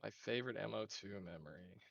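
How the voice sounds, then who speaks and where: A man's voice: on the low side, fairly quick, vocal fry, fairly bright tone, no echo, muffled recording. A man who leads a gaming guild, answering interview questions in a casual, rambling way, swearing freely and acting out what others said. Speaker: guild leader.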